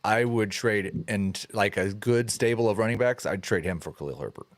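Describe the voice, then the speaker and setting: A man co-hosting a casual sports podcast, chatty and quick with quips. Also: on the low side, dry recording. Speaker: podcast co-host.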